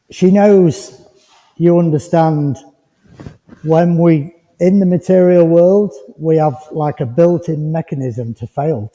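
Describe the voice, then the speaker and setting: Male medium, chatty and reassuring, mellow dark voice, muffled hall recording. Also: on the high side. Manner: chatty, rambling, gently reassuring. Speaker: spiritualist medium. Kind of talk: mediumship demonstration to a congregation. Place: village hall. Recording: dull lo-fi recording with long hall reverb.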